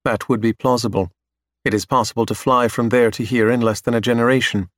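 A man voicing a calm, reasoning robot explorer. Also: medium pitch, dry recording, studio quality, lightly acted. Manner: measured, reasoning aloud.

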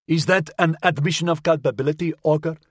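A man's voice: on the high side, fairly quick, fairly bright tone, no room sound, clean studio sound, voice pushed up. A man reading an audiobook, voicing a slick, condescending male official who coolly needles the woman he questions. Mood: needling.

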